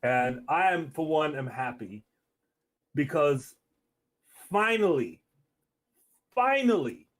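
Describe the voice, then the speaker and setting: A man hosting a podcast in casual chat, relaxed and laughing often, with stammers and restarts. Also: medium pitch, takes it slowly. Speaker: podcast host. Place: Los Angeles.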